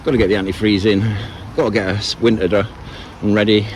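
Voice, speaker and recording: A man's voice: fairly low pitch, flat delivery, fast, poor audio. A man gives a casual, rambling walking commentary outdoors at a marina. He often restarts his sentences. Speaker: vlogger and boat owner. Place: outdoors at a marina on a wet, windy day. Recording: loud wind noise on the mic.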